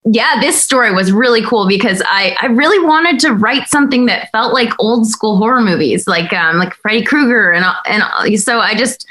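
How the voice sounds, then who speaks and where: Bright-voiced chatty woman podcaster. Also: on the high side, moderate pace, few pauses. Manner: chatty, with fillers and restarts. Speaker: podcast co-host and writer. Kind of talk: casual podcast chat.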